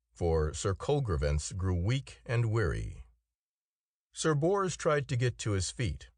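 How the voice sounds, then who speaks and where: A man narrating an old tale in a measured, expressive reading. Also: medium pitch, no room sound, studio quality. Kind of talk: storybook narration.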